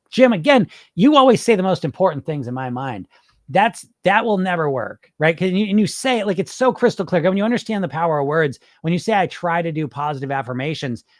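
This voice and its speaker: A man's voice: a little high, no room sound, clean studio sound. A man hosting a podcast as a weight loss coach, talking bluntly and with swearing, acting out voices in his head. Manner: blunt, animated, swears freely, acts out inner voices. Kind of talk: casual podcast monologue.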